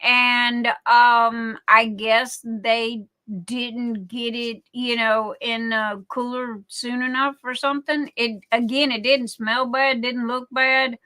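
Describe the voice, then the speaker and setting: A woman's voice: on the high side, flat delivery, slow, sharp tone. A middle-aged woman hosting a livestream, chatting in a rambling way full of fillers and restarts. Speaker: livestream host. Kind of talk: casual chat.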